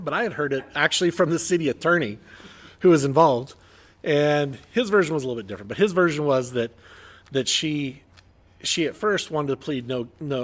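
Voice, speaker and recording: A man's voice: fairly high pitch, fairly bright tone. A man hosting a podcast, telling a story in a rambling way with frequent restarts. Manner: rambling, self-correcting storyteller. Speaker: podcast host. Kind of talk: casual storytelling chat.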